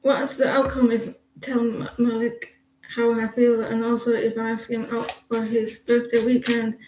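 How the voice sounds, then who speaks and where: A woman's voice: fairly high pitch, completely flat delivery, moderate pace, darkish tone, echoey room, a little hiss or hum, poor audio. A woman giving casual, teasing tarot readings on a live stream, chatting to viewers and laughing often.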